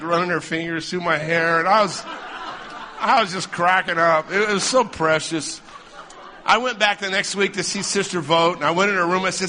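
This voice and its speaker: A man preaching a humorous storytelling sermon, animated and laughing often. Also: high voice, slight background noise.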